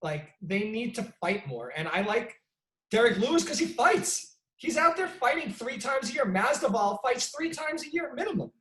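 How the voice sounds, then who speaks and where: A man hosting a casual sports debate, telling stories with lively energy and frequent restarts. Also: very high voice, normal speed, echoey room, rough recording. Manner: animated storyteller, frequent restarts. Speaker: sports debate show host.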